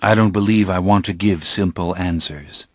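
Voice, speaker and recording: A calm vampire of great age tells his story. His voice sits very low and speaks gravely, without haste. The recording is dry and close. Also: no room sound. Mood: brooding. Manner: measured, grave and unhurried. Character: calm, brooding centuries-old male vampire. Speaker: narrator.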